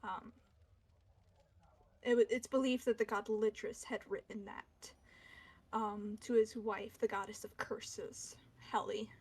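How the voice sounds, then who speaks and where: A woman's voice: mid-range voice, steady tone, slow, pauses often, darkish tone, slightly rough. A woman running a tabletop game as game master, explaining lore hesitantly with many fillers.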